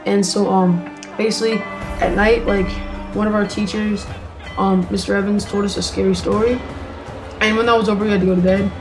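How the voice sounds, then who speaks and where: A woman tells a story in a chatty, rambling way, with lots of "um" and "like" fillers. Her voice sits at a middle pitch, with faint music underneath. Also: steady tone, a little fast, low-quality recording. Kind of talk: casual storytelling vlog.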